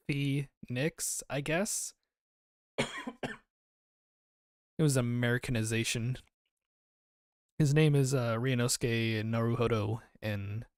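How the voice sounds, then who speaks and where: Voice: mid-range voice, no echo, studio quality. A streamer chatting casually and joking with viewers while playing a game, with game music underneath. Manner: chatty, joking, asks chat. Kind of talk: let's play commentary.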